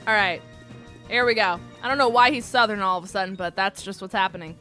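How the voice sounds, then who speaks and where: Speaking fast in a bright, forceful mid-range voice, a woman streams a video game with faint music in the background. She jokes around with her chat and reads in-game lines aloud in put-on voices, keeping the commentary casual.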